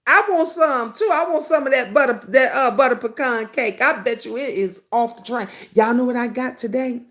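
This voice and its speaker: A middle-aged woman hosting a casual live stream, chatting with viewers by name and breaking into high, excited bursts. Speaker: livestream host.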